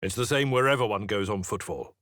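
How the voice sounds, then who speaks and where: A man's voice: fairly low pitch, a little fast, fairly bright tone, dry recording, natural voice. An actor playing a proper male officer, formal and dry, slightly exasperated. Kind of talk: video game voice acting.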